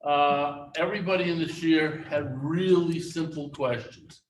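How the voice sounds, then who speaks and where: Telling funny anecdotes as a memorial speech, a man speaks in a steady, somewhat high voice at a slightly slow pace. He's a eulogy speaker in a synagogue hall, recorded at a distance amid echoes and faint noise.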